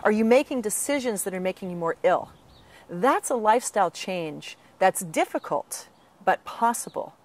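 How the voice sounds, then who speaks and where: A woman answering interview questions as an author and patient advocate, speaking earnestly and slipping into animated quoted voices, with some breathing trouble. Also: medium pitch, normal speed.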